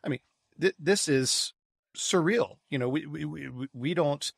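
Man telling a lively story. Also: a little high, a little slow, gravelly, breathy edge, no room sound, studio quality. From United States. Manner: lively storyteller, repeats words as he restarts. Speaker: podcast guest. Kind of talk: storytelling in a conversational interview.

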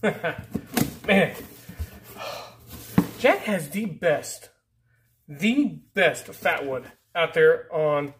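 A man hosting a casual mail-call vlog, rambling and easygoing as he opens packages, often trailing off into low mutters. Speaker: YouTube channel host. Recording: faint background noise.

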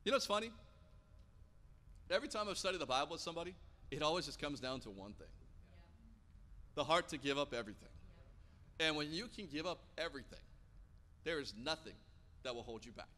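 Man, 30s, pastor, sermon, animated storyteller, bright tone, raised pitch, long church reverb. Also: brisk, pauses often. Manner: animated storytelling, acting out quotes. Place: church sanctuary.

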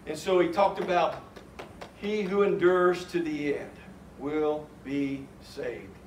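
A man preaching a sermon as pastor, earnestly reciting hymn verses slowly and urging his congregation on. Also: a little high, fairly even intonation, a little hiss or hum. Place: church sanctuary. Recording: echoey church room from a distant mic.

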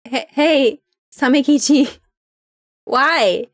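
A woman voicing a gentle young sea-witch girl who speaks earnestly and pleads. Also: high-pitched, very slow, no room sound, studio quality, pitched above the performer's own voice.

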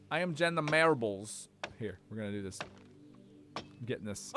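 Excitable, bright-voiced young man streaming. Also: mid-range voice, moderate pace, pauses often, faint music behind. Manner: excitable, swearing, reacting loudly to the game. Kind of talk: live game-stream commentary.

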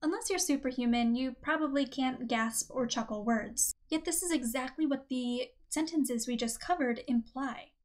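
A woman with a high voice hosts a writing-advice podcast. She reads her script in a clear, measured way and reads examples aloud as she goes. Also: a little mellow. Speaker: podcast host.

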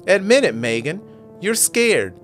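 A man's voice: fairly high pitch, lively intonation, moderate pace, fairly bright tone, faint music behind, voice pushed up. A man voicing an outspoken young woman who fires back sarcastically in a storybook reading. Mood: defiant.

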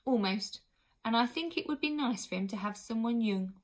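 Woman doing a grim, determined little hag girl, higher voice, storybook reading. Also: expressive, moderate pace, lightly acted. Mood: earnest. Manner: grim, huffy, earnest.

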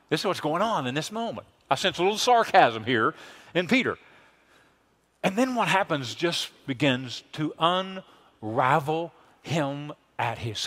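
Male pastor, high and very animated delivery, folksy sermon voice that climbs to fervent exhortation. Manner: animated, building to shouted exhortation; folksy paraphrase with playful sarcasm. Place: church sanctuary.

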